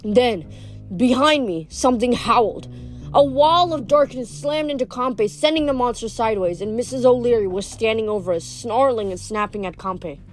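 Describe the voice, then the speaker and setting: A woman reading a novel aloud, steady but with small slips she corrects as she goes. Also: on the high side, moderate pace, soft background music. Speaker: reader.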